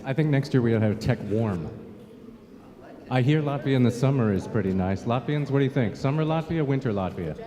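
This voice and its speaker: A man at a live event cracking dry puns in relaxed, easygoing banter. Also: medium pitch, brisk. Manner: dry punning humor, easygoing. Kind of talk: improvised stage banter. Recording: long reverb in a large hall, from the mic.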